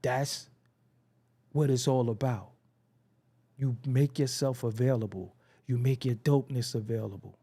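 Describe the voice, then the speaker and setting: Hosting a hip-hop talk show, a man delivers a casual monologue of streetwise stories, packed with slang, profanity, repetition and emphatic asides. His mid-range voice is warm and breathy, with fairly even intonation and a measured pace broken by frequent pauses.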